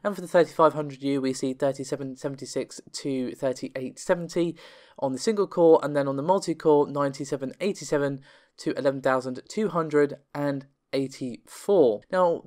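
A man hosting a solo tech news show, talking quickly and chattily, his voice still a bit worn from being under the weather. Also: on the high side, lively intonation, darkish tone. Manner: quick, chatty, reads figures aloud with self-corrections.

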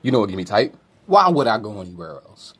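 Brash Brooklyn man, lively pitch. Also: slightly rough. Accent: New York (Brooklyn). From Brooklyn, New York. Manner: brash, profane, mocking, rapid-fire rhetorical questions. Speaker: stand-up comedian. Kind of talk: comedic rant to camera.

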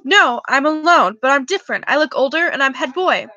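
A woman voicing an excitable eleven-year-old boy in a home audiobook reading, speaking quickly and a little whiny. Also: high voice, muffled recording. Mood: excited. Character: eager freckled boy, eleven, excitable and boastful.

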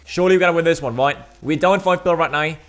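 A man doing excitable gameplay commentary as a gaming video host, swearing often and calling viewers bro and mate. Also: on the high side, rapid-fire. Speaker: gaming YouTuber.

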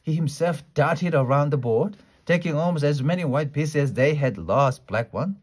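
Man slowly reading a storybook aloud. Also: on the high side, darkish tone. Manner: unhurried, with small slips and restarts.

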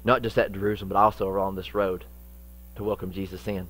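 A pastor preaches fast in a low, level voice, with slight background noise in the recording. His sermon is folksy and full of repeated phrases, swinging dramatically between loud and hushed.

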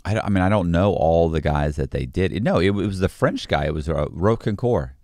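Low voiced guy, swings his pitch all over, rambling story mode, dry close mic. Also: fairly quick, no echo. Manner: animated, rambling, with many restarts and fillers. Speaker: podcast guest. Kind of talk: casual storytelling.

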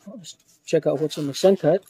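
Casting note: man, slightly high voice, slow unboxing narration, awestruck, dry close sound. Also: breathy edge, no room sound. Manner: slow, excited, awestruck exclamations. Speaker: knife collector vlogger.

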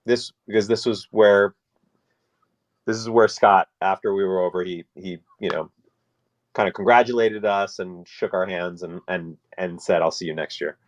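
A man's voice: low voice, moderate pace, dry recording. A man co-hosting a casual group chat on a video call, talking loosely, laughing and trailing off mid-sentence. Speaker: co-host of a rewatch podcast. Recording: dry, slightly dull lo-fi call audio.

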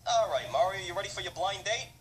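A man's voice: high voice, lively intonation, fast, noisy background. A guy playing an evasive, dodging Cupid. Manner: hesitant, evasive, stifling laughs. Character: evasive male matchmaking cupid. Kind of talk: amateur comedy skit.

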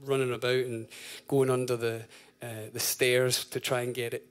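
Male band frontman, 30s, mid-pitched, loose stage patter full of "um" and "like", casual cursing. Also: flat delivery, moderate pace, clear, resonant tone. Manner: chatty, full of fillers, swears and laughs. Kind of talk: rambling stage banter between songs. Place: live concert venue.

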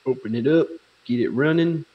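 A man co-hosting a live coding stream, calmly giving instructions with dry jokes. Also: medium pitch, normal speed, slightly rough, dull audio. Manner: relaxed, dry joking, gives instructions. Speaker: co-host guiding the demo. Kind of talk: casual live coding chat.

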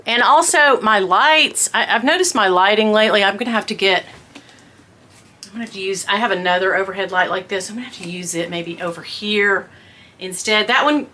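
A woman chatting casually to camera at home, gushing and squealing with excitement as she unboxes a handbag. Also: mid-range voice, a little fast, a little hiss or hum.

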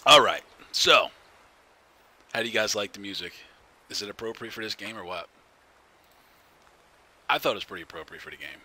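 A man's voice: on the low side, bright, forceful tone. A man streaming a game live, chatting casually, greeting viewers by name and laughing often.

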